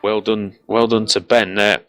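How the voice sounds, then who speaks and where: Guy commentating, out of breath, bright sharp voice, gushing. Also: lowish voice, faint music behind. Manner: excitable, gushing, halting restarts. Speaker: race commentator. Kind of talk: sim racing commentary.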